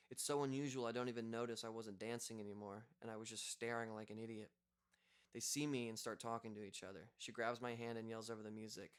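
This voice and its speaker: A man's voice: medium pitch, clean tone. A young man reading a first-person audiobook in a casual, conversational way. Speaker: audiobook reader.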